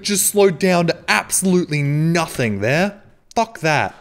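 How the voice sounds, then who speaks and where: Guy playing a horror game, swears a lot, yelps when spooked, slow drawl, hiss of noise behind. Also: a little high, very animated. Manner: profane, jokey, yelps in surprise. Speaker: let's play host. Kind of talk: gaming commentary.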